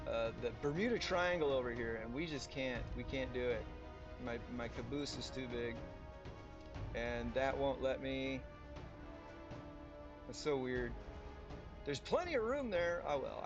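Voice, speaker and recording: A man, casually chatting on a live game stream, rambling, talking to himself and his viewers. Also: mid-range voice. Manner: rambling, talks to himself and chat. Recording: dull lo-fi stream audio with music.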